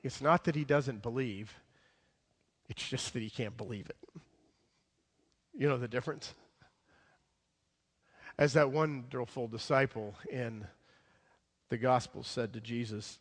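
A male pastor preaching a sermon, emphatic, swinging between loud declarations and hushed asides. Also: mid-range voice, unhurried, long pauses. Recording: long hall reverb.

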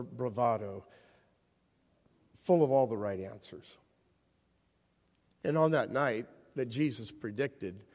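A man's voice: mid-range voice, a little mellow. A man preaching a sermon, telling stories dramatically and acting out the people he quotes. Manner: dramatic storytelling, voicing the figures he quotes. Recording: long reverb of a large hall.

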